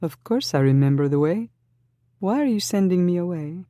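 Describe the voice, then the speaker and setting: A narrator voicing a bold young noblewoman who speaks softly and throatily, in a dry recording. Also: lowish voice, expressive, normal speed, no echo, pitched above the performer's own voice, close to an everyday voice. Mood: pleading. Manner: soft, throaty, urgent.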